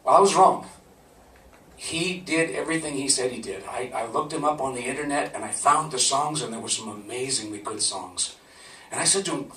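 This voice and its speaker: A man's voice: mid-range voice, lively intonation, moderate pace, sharp tone, a little hiss or hum. A man telling a personal story to a live audience in a conversational, laughing manner. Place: live event venue. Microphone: camcorder from a distance. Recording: roomy, from far off.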